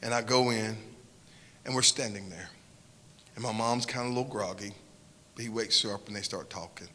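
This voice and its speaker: Southern US man, earnest storyteller, repeats himself, sharp forceful tone, long hall reverb. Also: lowish voice, a little fast. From Southern United States. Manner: earnest, repeats and restarts phrases, swings between hushed and loud. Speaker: speaker telling a personal story. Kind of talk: emotional personal storytelling to an audience.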